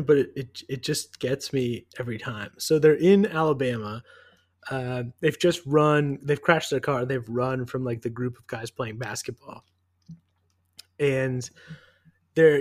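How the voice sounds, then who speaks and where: A young man from the US Northeast co-hosting a casual movie podcast, excited and fast, full of "like" and "dude". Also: mid-range voice. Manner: animated, fast, leans on "like" and "dude". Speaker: podcast co-host. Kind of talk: casual movie-review chat.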